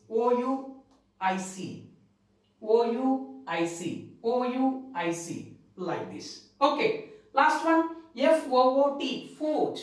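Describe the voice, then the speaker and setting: A woman's voice: high voice, lively intonation, slow. A woman with an Indian English accent teaching English grammar, repeating each word and spelling it out letter by letter. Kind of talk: spelling out plural forms in a lesson. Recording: very echoey room, distant from the mic.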